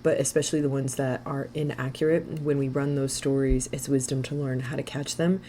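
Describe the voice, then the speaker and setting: A woman mindset coach as a podcast guest, talking fast and animatedly and laughing often. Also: a bass voice, fairly even intonation, mellow, slight background noise. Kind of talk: podcast interview.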